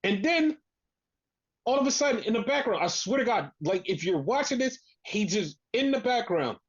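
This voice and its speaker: A podcast co-host rants in casual conversation, swearing constantly and getting more worked up as they go. Their pitch jumps around with a lot of animation. The audio is dull and lo-fi. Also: moderate pace, husky. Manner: animated, profane ranting. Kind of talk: casual wrestling podcast chat.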